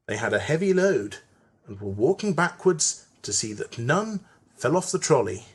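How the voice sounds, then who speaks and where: A narrator reading a children's train story aloud in an expressive storytelling manner. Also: mid-range voice, breathy edge. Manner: slow, lively storytelling.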